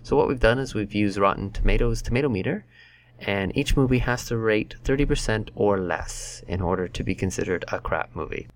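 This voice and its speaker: A man's voice: lowish voice, fairly quick. A man hosting a tabletop gaming podcast, talking casually and wryly as he lays out the episode's rules. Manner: laid-back, wry, explains episode rules. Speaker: podcast host.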